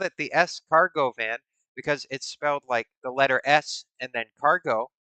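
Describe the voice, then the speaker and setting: A man's voice: medium pitch, moderate pace, bright, forceful tone, smooth, no echo. A man hosting a stream in casual, rambling chat, musing aloud in a playful way. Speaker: streamer host.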